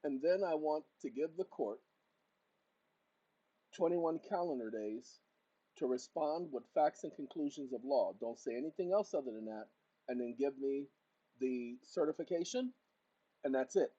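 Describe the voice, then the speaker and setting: A man hosting his own channel, giving spoken commands to a voice assistant and walking viewers through a document on screen, switching between loud orders and quiet asides. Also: lively intonation, moderate pace, pauses often, breathy edge, dull audio. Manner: talks to a voice assistant in bursts, then explains to viewers; shouts commands, then drops to a low aside. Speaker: channel host. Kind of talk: casual screen-share walkthrough.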